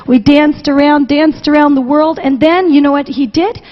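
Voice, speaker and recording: A middle-aged woman preacher giving a sermon, telling her story in a fervent, halting way and repeating her phrases. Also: high-pitched, fairly even intonation. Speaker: preacher and missionary. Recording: dull recording with long hall reverb.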